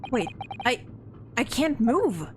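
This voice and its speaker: A woman's voice: fairly high pitch, very animated, takes it slowly. A woman voicing a bewildered young male lawyer in a video game, asking startled, confused questions. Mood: dazed.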